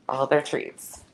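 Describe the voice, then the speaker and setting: Indoors at home, a woman chats casually to camera about her cats as a cat-owner vlogger, blunt, chatty and cursing freely. The low-quality recording carries a little hiss or hum.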